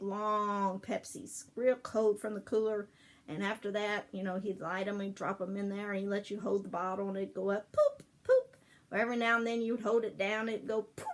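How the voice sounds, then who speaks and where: Recalling her childhood, an older woman tells family stories in a loose, rambling manner, laughing frequently as she remembers. Her voice is mid-range with noticeable vocal fry, suited to this casual memorial storytelling.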